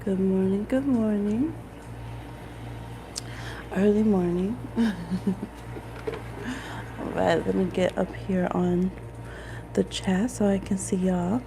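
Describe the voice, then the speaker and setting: Midwestern woman, tarot live-streamer, unhurried and gravelly, chatty, steady rain noise on a home phone stream. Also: medium pitch. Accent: Midwestern American. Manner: chatty, laughs often, greets viewers. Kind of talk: casual live-stream chat. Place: home, room with a lamp, rain outside.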